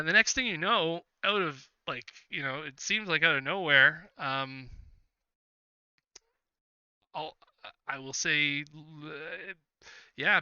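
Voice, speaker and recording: A man's voice: fairly high pitch, pushed and bright, clean tone, no echo, muffled recording. A man narrating a tabletop game as game master, chatty with lots of fillers. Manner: chatty, laughs often, many fillers.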